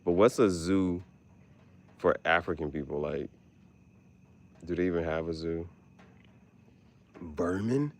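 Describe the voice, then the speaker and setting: A man hosting a casual podcast chat, animated and profane, often jumping into squeaky exclamations. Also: unhurried, long pauses. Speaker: podcast host.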